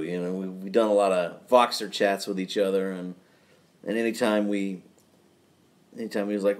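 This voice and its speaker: With a lowish voice and a moderate pace, a man hosts his own nighttime live stream from his garage at home, chatting in a relaxed, meandering way and chuckling as he goes.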